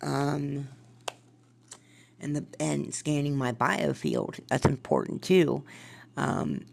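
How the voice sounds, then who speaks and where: A woman podcast host reading from her own journal and musing on it in a casual, rambling way, with a gravelly fry in her voice. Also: low-pitched, slow, darkish tone. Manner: rambling, musing, trails off and restarts.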